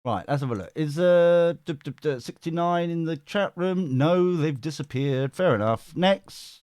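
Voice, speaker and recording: A man's voice: on the high side, a little slow, a little mellow, smooth, dry recording, clean studio sound. A man hosting a live tarot stream, chatting casually, laughing often and swearing now and then as he reads out chat. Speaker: tarot reader and stream host.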